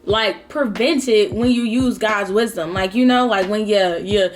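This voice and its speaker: A woman's voice: mid-range voice, measured pace, a little hiss or hum. A woman in her twenties talking casually while eating, heartfelt and rambling, with lots of fillers. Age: 20s. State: close to tears at times. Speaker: vlogger. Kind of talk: casual mukbang talk.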